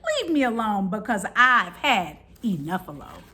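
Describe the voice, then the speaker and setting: A grumpy, snarly old buffalo from a storybook, chanting his lines in a gruff huff, as a woman puts him on. The voice is bright and lively, swinging up and down. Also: medium pitch, unhurried.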